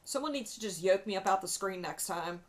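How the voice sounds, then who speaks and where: A woman's voice: mid-range voice, expressive, fairly quick, background noise. A young adult woman, talking casually and candidly while doing her makeup, swearing freely as she tells a story. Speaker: beauty vlogger. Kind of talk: chatty get-ready-with-me storytelling.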